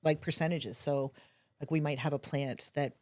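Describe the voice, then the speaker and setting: A woman's voice: sits low, steady tone, normal speed, a little mellow. A woman, a bakery co-owner, chatting casually and upbeat as a podcast guest. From Canada.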